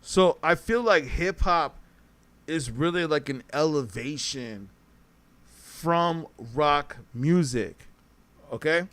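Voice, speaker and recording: Lively in intonation but slow in delivery, this livestream podcast host has a somewhat high, a bit bright voice. As he reads the live chat, he addresses his viewers directly in a loose, self-correcting ramble.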